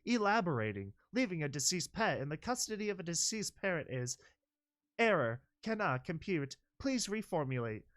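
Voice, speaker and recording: A man's voice: sits high, moderate pace, pitched above the performer's own voice. A man doing a clipped, literal machine voice. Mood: mechanical. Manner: flat, clipped, mechanical. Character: automated machine voice, literal, blunt.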